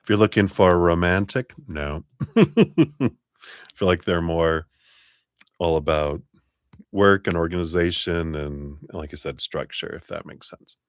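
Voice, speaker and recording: A man hosting a live tarot reading, chatty and quick to laugh, stretching words for emphasis. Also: sits low, no echo, studio quality. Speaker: tarot reader.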